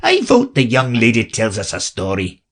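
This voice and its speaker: A man's voice: medium pitch, wildly swooping pitch, normal speed. A man voicing a bored, yawning male hare in an audiobook. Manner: languid, bored. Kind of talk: audiobook character voice.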